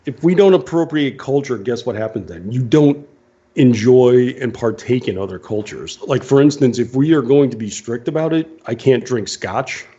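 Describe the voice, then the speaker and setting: A man's voice: mid-range voice, expressive, moderate pace, mellow, slightly rough. A man co-hosting an online radio show, joking sarcastically about politics in casual banter. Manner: sarcastic, mocking. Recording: dull lo-fi online radio audio.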